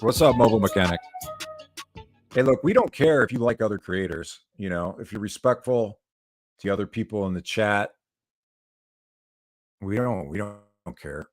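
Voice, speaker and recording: Low-voiced man hosting a livestream. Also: expressive, moderate pace, long pauses, no room sound, soft background music. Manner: loose, laughing, swears freely. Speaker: streamer host. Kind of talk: casual livestream chat.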